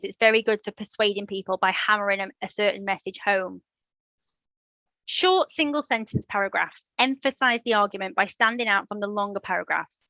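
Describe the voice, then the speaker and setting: Bright-voiced woman teaching online. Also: mid-range voice, no room sound, low-quality recording. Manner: encouraging, quizzes students and praises answers. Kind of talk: live online lesson.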